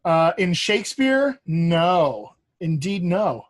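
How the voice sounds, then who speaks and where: A man's voice: high-pitched, sing-song, takes it slowly. A man co-hosting a casual lesson on verse, playful and tapping out rhythms aloud. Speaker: co-host explaining verse. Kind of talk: casual teaching chat.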